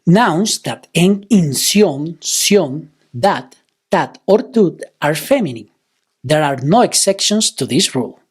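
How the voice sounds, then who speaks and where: A woman teaching Spanish, patiently explaining grammar rules and slowing down to model example words. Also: lowish voice, darkish tone, breathy edge. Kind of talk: explanatory language lesson.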